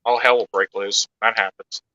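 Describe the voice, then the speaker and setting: A man chiming into a casual podcast chat with loud, blunt interjections. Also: fairly low pitch, steady tone, moderate pace, dry recording, highs cut off.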